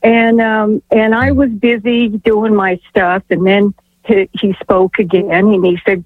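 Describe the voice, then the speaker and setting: A woman's voice: mid-range voice, flat delivery, measured pace, no echo. A woman calling in to a radio show, telling a story in a chatty, earnest way with lots of fillers. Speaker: caller. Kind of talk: rambling call-in story. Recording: tinny phone line.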